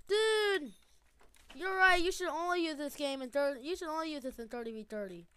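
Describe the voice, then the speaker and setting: Very high-voiced excitable female gamer. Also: measured pace, long pauses, no echo. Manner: excitable, laughs often, repeats phrases. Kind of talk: live gameplay commentary.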